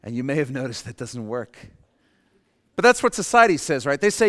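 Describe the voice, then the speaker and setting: A male pastor preaching in a church sanctuary, his voice carrying a long hall reverb. He builds to forceful peaks, then sinks to hushed, weighty lines. His pitch sits in a typical middle range for a man. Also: big pitch swings, fairly quick. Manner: dynamic preaching, dropping to quiet emphasis and rising for acted quotes. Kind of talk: sermon.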